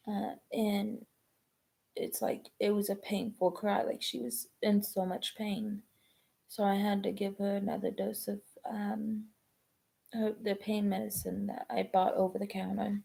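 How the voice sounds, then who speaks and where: A woman, chatting casually on a live stream, rambling and halting with many ums and restarts. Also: mid-range voice, level tone, vocal fry, mellow. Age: 20s.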